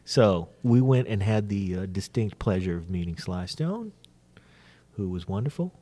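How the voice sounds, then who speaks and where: A man hosting a casual podcast chat, telling stories in a lively, swearing way. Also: on the low side, moderate pace. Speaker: podcast host.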